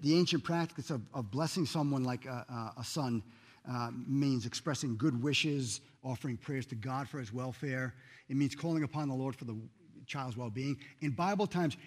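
A man preaching a sermon in a church, earnest and emphatic, rising loud then dropping soft. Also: mid-range voice. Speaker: pastor.

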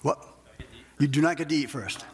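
A man's voice: a little high, normal speed, in a large hall, a little hiss or hum. A man preaching a conversational sermon, often restarting his sentences and checking in with the congregation by asking "okay?". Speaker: pastor.

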